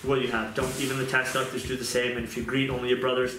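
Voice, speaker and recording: A man preaching a fervent sermon, moving from pleading prayer to quieter scripture reading. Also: mid-range voice, level tone, rapid-fire. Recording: echoey room with noise.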